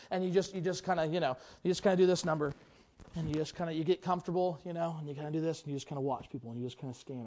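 High-voiced male preacher, animated. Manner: animated storytelling with big swings in pitch and loudness; drops to a low, quiet, earnest tone for exhortation. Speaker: pastor. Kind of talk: sermon.

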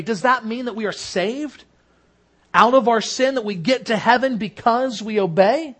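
A man preaching a sermon in an earnest way, rising for emphasis and dropping to soft, low endings. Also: unhurried. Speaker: pastor.

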